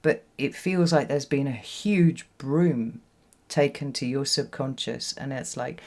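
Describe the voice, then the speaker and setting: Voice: mid-range voice, measured pace, darkish tone. A tarot reader giving a solo reading to camera in a reflective way, often repeating words for emphasis and checking in with "right?". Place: home with children nearby.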